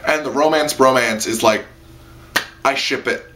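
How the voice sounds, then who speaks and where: This young man's casual anime review, recorded in his room under a lamp, is loose and rambling at a measured pace, peppered with "like" and filler. He sounds bright and a touch sharp in a normal middle range, excitedly breaking into high squeals to quote the characters.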